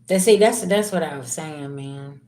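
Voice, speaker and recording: A woman reading tarot on a live stream, slangy and chatty, calling her viewers "babies" and swinging from low murmurs to loud, excited bursts. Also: moderate pace, soft background music. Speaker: tarot reader. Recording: roomy echo.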